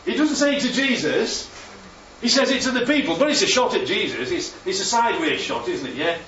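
A man preaching a sermon, lively and constantly checking in with his listeners by asking "right?" and "yeah?". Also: high-pitched, brisk, crowd noise. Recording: echoey, distant, dull sound with faint ambience.

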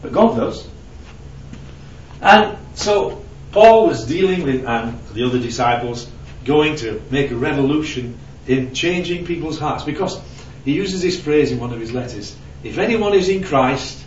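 A man's voice: medium pitch, expressive, a little slow, slight background noise. A man preaching a sermon in a conversational way, asking the audience questions and telling anecdotes. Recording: roomy, distant, dull lo-fi sound with faint ambience.

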